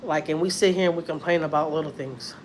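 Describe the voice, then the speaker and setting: Low-voiced chatty woman. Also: fast, a little hiss or hum. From Houston, Texas. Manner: chatty, earnest, repeats herself. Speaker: family vlogger. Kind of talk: casual livestream storytelling.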